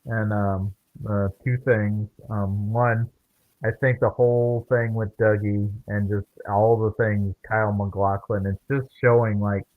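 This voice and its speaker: A man chatting casually on a podcast, relaxed and hesitant with fillers. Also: lowish voice, measured pace, no room sound. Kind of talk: casual chat. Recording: dry, tinny phone-like line.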